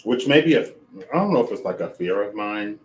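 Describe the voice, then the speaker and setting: A man with a lowish voice rambles through a casual livestream while cooking and eating. His pitch swings widely as he amuses himself. The room around him sounds echoey. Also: lively intonation, moderate pace, darkish tone, a little hiss or hum. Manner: rambling, self-amused, talks with mouth full. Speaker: streamer.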